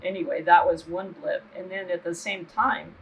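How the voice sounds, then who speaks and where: A woman's voice: lowish voice, steady tone, moderate pace, creaky, dull audio, a little hiss or hum. An older woman giving an impassioned interview as a human rights activist, earnest and indignant, often checking in with "right?".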